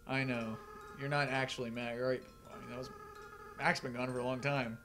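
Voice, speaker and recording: A man reading aloud as a remorseful, tearful young goat-monster boy, in a soft, earnest and halting way. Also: medium pitch, little pitch movement, noisy background, close to an everyday voice. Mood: sad.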